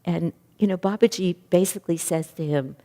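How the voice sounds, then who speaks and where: A woman's voice: lowish voice, a little fast. Middle-aged woman minister teaching a class, earnest and thoughtful, with a long echo from the hall. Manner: earnest, reflective, lively when retelling stories. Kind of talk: spiritual class talk.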